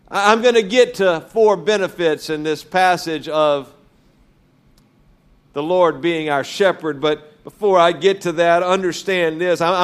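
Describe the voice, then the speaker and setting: A man preaching a sermon as pastor, emphatic, slowing down to stress key words. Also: high voice.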